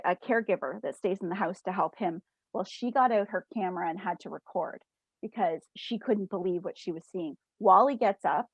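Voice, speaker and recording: A woman spirit medium as a guest in a casual video chat, telling a story in an excited, tumbling rush. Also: medium pitch, no room sound. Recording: dull, dry lo-fi audio.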